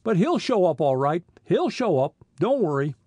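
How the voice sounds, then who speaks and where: A man's voice: high-pitched, very animated, normal speed, darkish tone, dry recording, voice pushed up. A man reading an audiobook, voicing a pompous, timid small-town police chief who talks in folksy, blustering grammar.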